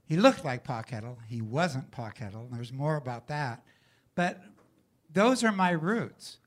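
A man's voice: mid-range voice, lively intonation, a little slow. An older man, a rural-raised singer-songwriter, telling folksy stories in an interview, emotional and often laughing. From rural United States. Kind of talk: storytelling interview.

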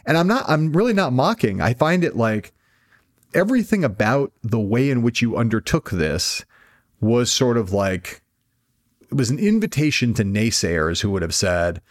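A man's voice: medium pitch, sing-song, moderate pace. A male host interviewing a guest, admiring and emphatic, building his points with repetition. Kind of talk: conversational interview.

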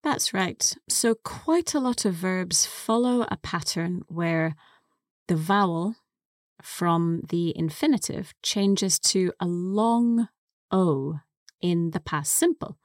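A woman co-hosting a podcast English lesson, explaining words slowly and carefully into a close studio mic. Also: on the low side, no echo. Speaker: co-host and English teacher.

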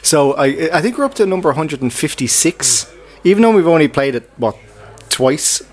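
A man co-hosting a casual podcast in a pub, briskly leading a game segment. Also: a little high, lively intonation. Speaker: podcast co-host.

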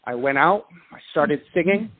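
A man from England, a singer and dancer, telling a story over the phone in an animated, self-deprecating way with frequent restarts. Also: on the high side, moderate pace, breathy edge. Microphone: telephone. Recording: tinny phone line.

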